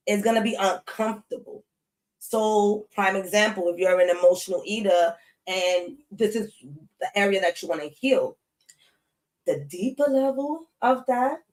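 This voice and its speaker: A woman's voice: lowish voice, a little mellow, low-quality recording. A woman hosting an astrology live stream, chatting casually and animatedly with slang, speaking straight to her viewers' comments.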